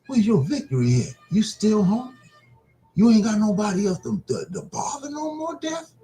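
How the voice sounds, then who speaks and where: A man's voice: a little fast, creaky, mellow, soft background music, poor audio. A man voicing a whiny, pleading Death. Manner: high whining, pleading.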